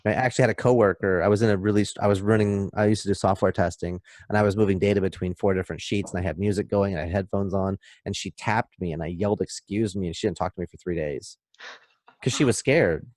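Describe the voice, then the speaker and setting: A man speaking as a podcast guest, explaining in an emphatic, animated way and acting out little scenes. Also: sits low, fast, no room sound, studio quality. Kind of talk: casual podcast talk, explaining.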